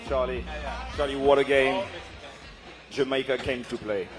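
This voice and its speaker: A man's voice: medium pitch, fairly even intonation, a little slow, music in the background. A man reporting from courtside, putting upbeat questions to a player. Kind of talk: post-game interview.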